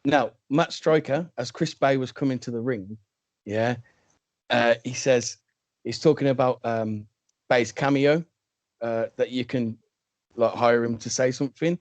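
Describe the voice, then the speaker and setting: A man's voice: medium pitch, a little slow, no room sound. A man co-hosting a casual wrestling chat, amused and easygoing. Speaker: podcast co-host.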